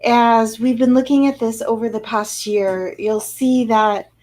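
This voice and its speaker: A woman's voice: on the high side, fairly even intonation, unhurried, darkish tone. A woman physician with an American accent giving an informal weekly health briefing, talking over slides in a conversational way with fillers and restarts. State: a little out of breath.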